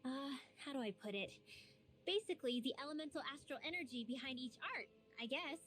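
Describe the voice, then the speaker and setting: An actress playing a sharp-tongued young female mage in a game, dry and teasing. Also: high-pitched, expressive, a little fast. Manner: dry, teasing, matter-of-fact. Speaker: game character. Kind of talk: game dialogue acting. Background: game music.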